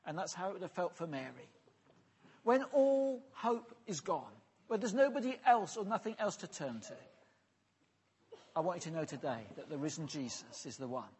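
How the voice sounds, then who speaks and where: A man preaching an earnest, pastoral sermon, often letting his phrases fall soft and low at the end. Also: sing-song, moderate pace, a little hiss or hum. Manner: earnest, pastoral, drops softly at phrase ends.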